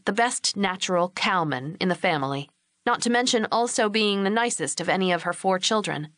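A woman narrating an audiobook in a measured, even storytelling manner, recorded on a close mic. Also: mid-range voice, no echo. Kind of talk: scripted narration.

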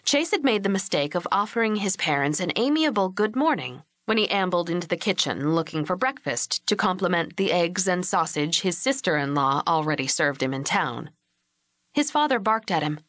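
A woman narrating an audiobook in a measured, even storytelling manner, recorded on a close mic. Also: on the low side, no room sound. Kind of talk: scripted narration.

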